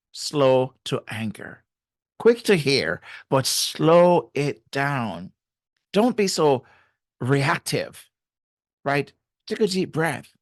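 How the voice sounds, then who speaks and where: In a dry, clean studio recording, a man with a medium-pitched voice offers faith-based marriage advice. He is earnest, repeats key phrases, and leans on lots of fillers.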